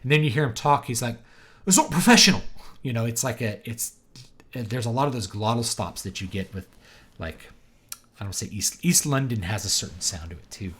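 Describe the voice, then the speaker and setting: Writer guy on a livestream, faint southern drawl, low voice, wanders off topic, throws in accent impressions. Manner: digressive, with quick accent impressions. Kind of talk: casual livestream chat, reading viewer comments.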